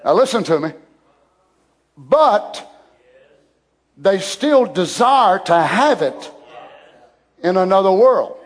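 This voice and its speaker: Male preacher, very high voice, impassioned sermon delivery that climbs to shouting. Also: sing-song, takes it slowly, long pauses. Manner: impassioned, swinging between hushed and shouted.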